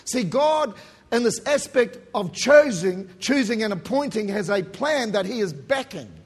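A middle-aged New man preaches in a husky, breathy voice that sits fairly high for a man. He tells his own story with animated swings, building to loud emphasis and then dropping to quiet asides. His New comes through plainly. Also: measured pace. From New Zealand. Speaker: pastor. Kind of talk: sermon with personal story.

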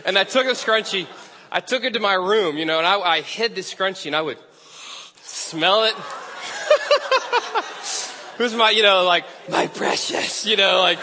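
Bright-voiced man preaching in a hall. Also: sits high. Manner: self-deprecating, chatty, laughing at himself. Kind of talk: storytelling sermon. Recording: long hall reverb.

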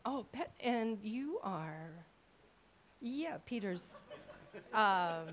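Animated older woman teaching a congregation. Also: on the high side, very slow. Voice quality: expressive, acts out quoted thoughts in lively voices. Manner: conversational, checks in with listeners. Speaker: ministry teacher. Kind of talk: teaching talk to a live audience.

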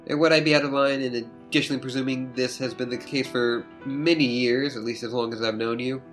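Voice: mid-range voice, fairly even intonation, brisk, faint music behind, lightly acted. Lektor czytający sarkastyczną, elokwentną młodą kobietę. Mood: dry. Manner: dry, wordy, ironic. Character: dry, sardonic young woman, articulate.

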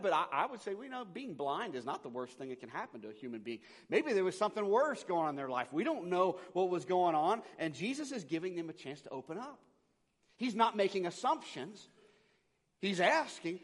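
A man, a pastor, preaching a conversational sermon that swings between loud emphasis and quiet, intimate asides. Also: high voice, sing-song, normal speed. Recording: long hall reverb.

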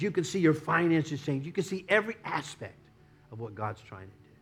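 An American man preaching a sermon as a pastor, swinging from loud exhortation to near-whispers. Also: fairly high pitch, very animated, brisk, husky, soft background music.

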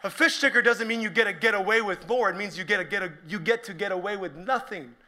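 A man with a high, bright and forceful voice preaches a sermon to his church. He jokes his way through it, then drives his points home with loud emphasis. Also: quick pace. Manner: energetic, joking, rising to shouted emphasis. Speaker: pastor.

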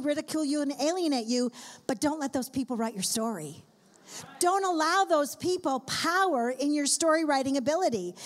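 A woman with a high, ringing voice preaches a sermon at a conference. She is emphatic and addresses the audience directly, stacking her points in long repeated lists. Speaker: conference speaker. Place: conference hall before a live audience.

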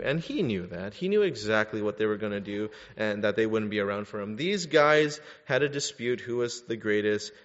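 A male pastor preaching a sermon, emphatic and full of rhetorical questions. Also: mid-range voice. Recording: echoey hall, dull lo-fi sound.

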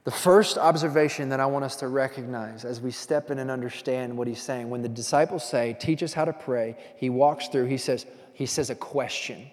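A man preaching a sermon as pastor, talking conversationally and telling animated stories with asides to the congregation. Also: mid-range voice, normal speed, hardly any pauses, in a large hall.

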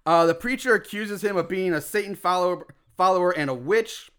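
A man's voice: high voice, brisk, clear, resonant tone. A man co-hosting a podcast, casually recapping a film's plot with lots of laughing and swearing. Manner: laughing, profane, animated storytelling. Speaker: podcast co-host recapping a film. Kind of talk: casual chat.

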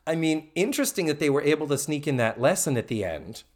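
A man co-hosting a podcast, chatting casually and theatrically as he recaps a TV episode. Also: on the high side. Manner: animated, theatrical, quick to act out quotes. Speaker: podcast co-host.

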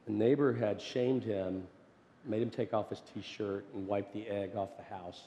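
A man preaching a sermon as pastor, telling a family story and swinging from loud, animated passages to hushed, gentle ones. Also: lowish voice, unhurried, slight background noise. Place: church sanctuary. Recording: long hall reverb.

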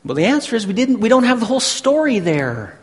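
A man preaching a sermon, teaching slowly and deliberately with emphatic pauses. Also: very high voice, sing-song. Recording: long hall reverb.

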